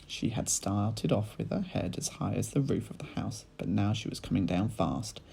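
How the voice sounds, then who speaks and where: A male teacher reading a children's book aloud in lively storytelling style, speaking to his pupils. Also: on the low side, normal speed, creaky, husky, rough recording. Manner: animated storytelling, addressing children.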